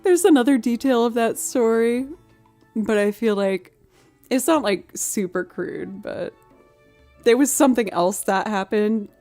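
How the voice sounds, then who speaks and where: Her voice a little high and unhurried, a musician livestreamer shares casual stories from home over soft background music. Storytelling brings animation and frequent laughter, while she coos softly whenever she addresses her pet.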